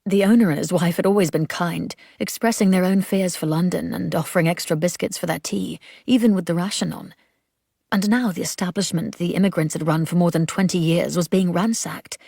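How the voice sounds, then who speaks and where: A woman narrating an audiobook in a measured, steady storytelling manner. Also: fairly low pitch, creaky, husky, dry recording, studio quality. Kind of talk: scripted narration.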